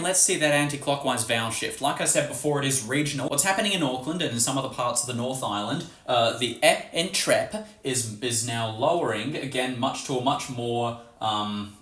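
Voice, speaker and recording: A man's voice: mid-range voice, fairly bright tone, echoey room. A man with an Australian accent giving a casual, chatty lesson on accents, swearing offhandedly and demonstrating vowel sounds. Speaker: language teacher.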